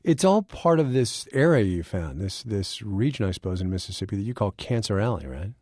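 A man's voice: fairly low pitch, big pitch swings, a little fast, darkish tone, no echo, clean studio sound. A man hosting a radio news program, introducing and interviewing a guest conversationally. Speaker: radio host.

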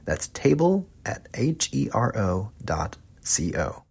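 A man's voice: lowish voice, big pitch swings, slow pace, creaky, darkish tone, slight background noise. A man hosting a food radio show, asking questions in a conversational way and reading the sponsor ad. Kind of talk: radio interview and ad read.

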